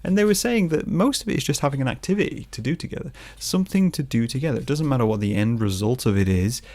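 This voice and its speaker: A man in his thirties talking in a casual, rambling vlog monologue, self-deprecating and jokey, sometimes dropping to a soft near-whisper. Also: medium pitch, expressive, fast talker. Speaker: vlogger.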